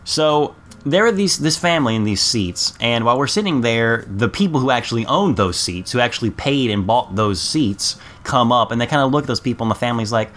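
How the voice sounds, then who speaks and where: A young adult man telling a funny story on a casual podcast, jumping up in pitch to mimic other people. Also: a little fast. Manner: animated storyteller, jumps high to mimic people. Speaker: podcast co-host.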